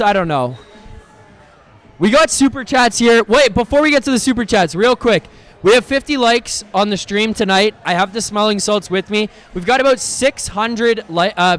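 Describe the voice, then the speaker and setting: High-voiced man in a fiery rant. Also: fairly bright tone. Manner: heated, profane and exasperated, with repeated stammering restarts. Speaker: host of a live post-game reaction stream. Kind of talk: live post-game rant.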